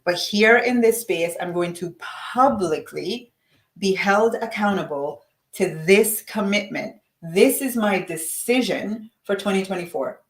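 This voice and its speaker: A woman's voice: mid-range voice, measured pace. A woman leading a live-stream coaching session, upbeat and encouraging, chatting to viewers by name. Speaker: livestream coach. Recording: roomy echo.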